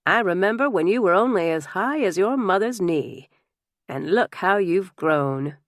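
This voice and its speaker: A woman's voice: lowish voice, animated, a little slow, dry recording, studio quality. A woman voicing an aged, withered male statesman in an audiobook, courteous and formal.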